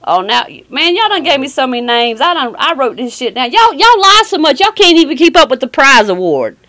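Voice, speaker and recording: A woman's voice: high-pitched, very animated, a little fast, a bit bright. A woman on a recorded phone call, confronting and mocking a caller in a sassy, challenging way. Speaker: caller baiting phone scammers.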